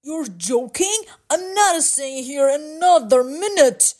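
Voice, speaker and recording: A woman's voice: mid-range voice, expressive, extremely slow. A woman voicing a creepy, greedy grown man who blusters and schemes in a storybook. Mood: outraged. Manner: sly, blustering and loud.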